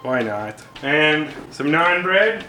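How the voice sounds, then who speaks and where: A man's voice: fairly high pitch, big pitch swings, slow pace, pushed and bright. A man hosting a casual cooking vlog, laid-back and jokey, rambling as he cooks. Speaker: cooking show host. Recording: roomy sound with background music.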